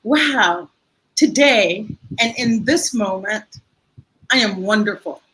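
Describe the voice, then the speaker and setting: An older woman, a guest in a conversational interview, shares a heartfelt story with lively expression. Her voice sits in the mid range and moves at a slow pace, though the audio is poor.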